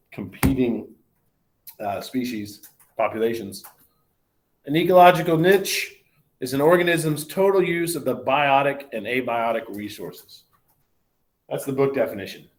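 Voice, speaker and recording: A man, a biology professor giving a recorded university lecture in a conversational way, often asking "right?" and correcting himself mid-sentence. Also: medium pitch. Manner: conversational, many fillers and self-corrections, asks "right?" often.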